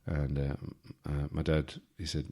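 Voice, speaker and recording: Very deep-voiced Irish man rambling. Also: takes it slowly, husky. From Ireland. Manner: deadpan, digressive, with frequent fillers and restarts. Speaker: podcast host. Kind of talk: rambling comic monologue.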